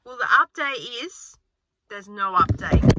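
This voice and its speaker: A woman's voice: a little high, lively intonation, measured pace, very noisy. A woman in her forties, chatting casually and upbeat to her vlog viewers from her car, rambling on. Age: 40s. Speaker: frugal-living vlogger. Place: inside a car. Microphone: handheld phone.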